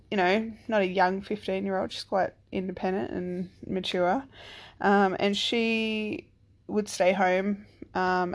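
A woman in her thirties or forties, a single parent, telling a personal story in a casual, rambling way, with lots of "like" and "um" and some swearing. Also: medium pitch. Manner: rambling, full of "like" and "um", swears freely.

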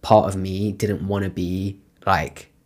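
Low-voiced British man, candid podcast chat. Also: fairly even intonation, slow pace. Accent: British English. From Britain. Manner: candid, reflective, heavy use of "like" and swearing. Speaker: podcast co-host. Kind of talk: casual chat.

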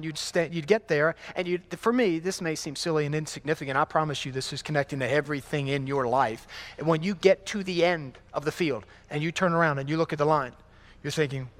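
Male pastor, slightly raised pitch, story-driven sermon delivery with rhetorical questions. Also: fast talker.

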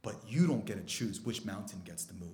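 A man preaching a sermon as pastor, moving between hushed, intimate stretches and loud, excited bursts. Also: on the low side, a little fast, reverberant.

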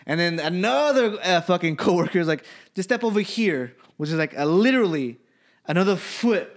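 High-voiced, swearing man from California. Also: a little fast. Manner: profane, animated, laughing through his story. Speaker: storyteller in a casual chat. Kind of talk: casual chat.

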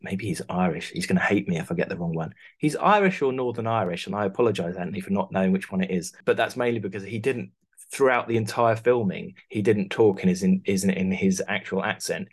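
Male interview guest, low-pitched, rambling and chatty. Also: quick pace. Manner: rambling, many restarts, laughs through stories. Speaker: costume designer, guest. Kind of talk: casual interview chat.

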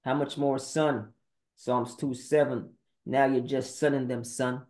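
A man's voice: medium pitch, flat delivery, measured pace, a little mellow. A man preaching a sermon monologue, firing off terse Bible verse citations in a confrontational way. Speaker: podcast preacher. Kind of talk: scripture-citing sermon monologue.

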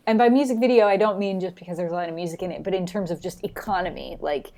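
A woman's voice: on the low side, fast, warm tone. A woman in casual conversation, reflectively analyzing a film's storytelling and characters. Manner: analytical, reflective, speaks in thoughtful asides. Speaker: podcast co-host. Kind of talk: casual film discussion.

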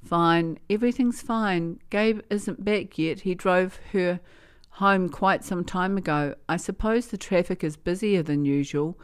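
A woman voicing a polite mother who sounds quietly worried on the phone. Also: on the low side, a little slow, smooth, voice pushed up, lightly acted.

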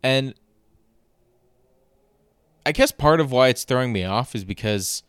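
A man's voice: lowish voice, a little slow, pauses often, smooth, no room sound, studio quality. A young man hosting a podcast, telling a rambling comedic story in an exasperated way with casual swearing. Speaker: podcast host.

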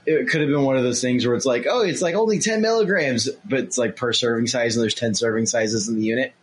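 A man co-hosting a podcast in casual chat, easygoing, giving short reactions and relaxed anecdotes. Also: mid-range voice, fast, husky. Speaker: podcast co-host.

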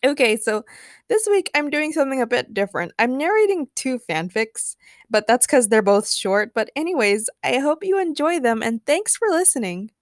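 A woman's voice: high voice, big pitch swings, normal speed, no echo, studio quality. A woman hosting a podcast, chatting playfully and then narrating short fan stories. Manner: upbeat, playful, giggles at her own jokes. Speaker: podcast host and fanfic narrator. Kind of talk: casual podcast chat and storybook narration.

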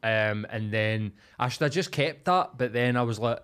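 A man with a Glaswegian accent, co-hosting a podcast and telling a sweary, animated story in casual chat. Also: medium pitch, takes it slowly, clean tone. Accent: Scottish, Glaswegian. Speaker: podcast co-host.

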